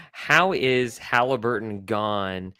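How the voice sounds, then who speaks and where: A man's voice: medium pitch, animated, drawn-out words, bright, forceful tone, smooth, no echo, clean studio sound. A man co-hosting a casual sports podcast, giving blunt opinions and often restarting his sentences. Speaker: podcast co-host.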